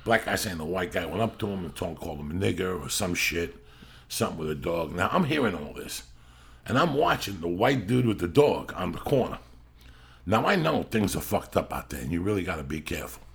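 Brief: middle-aged podcast host, low and gravelly, loose and profane. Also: male voice, very animated, a little fast. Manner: profane, rambling, bursts into yelling when acting out quotes. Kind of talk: casual storytelling chat.

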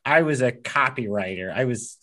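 A man hosting a casual interview podcast, telling stories in an animated way. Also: medium pitch, moderate pace. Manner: storytelling, animated. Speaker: podcast host.

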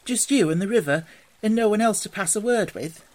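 A reader voicing a timid, wide-eyed young male mole who speaks eagerly and excitedly, full of wonder, in a storybook reading. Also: medium pitch, brisk, voice pushed up, natural voice. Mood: hesitant.

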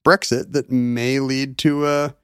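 A man co-hosting a podcast, chatting casually and tossing in quick wisecracks. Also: medium pitch, little pitch movement, smooth, no echo, clean studio sound. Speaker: podcast co-host. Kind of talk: casual banter.

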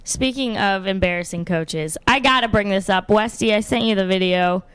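A woman's voice: mid-range voice, moderate pace, smooth, no echo. A woman hosting a sports radio show, teasing her co-hosts and reading live promos. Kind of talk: casual sports talk.

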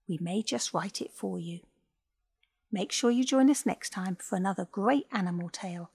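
A woman reading a children's story aloud with gentle, clear pacing. Her voice is gravelly and slightly husky, sitting at a middle pitch, the tone of a calm podcast host. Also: moderate pace. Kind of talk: scripted narration.

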